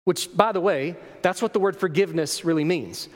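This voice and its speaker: High-voiced preacher in a reverberant hall. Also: male voice, brisk. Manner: animated storytelling, rhetorical questions to the congregation. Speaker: pastor. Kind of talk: sermon.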